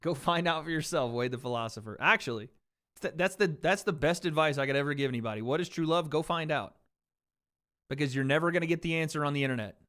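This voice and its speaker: A man's voice: fairly high pitch, quick pace, a bit bright. A man hosting a livestream watch party, riffing on chat in blunt, profane casual commentary. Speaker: livestream host.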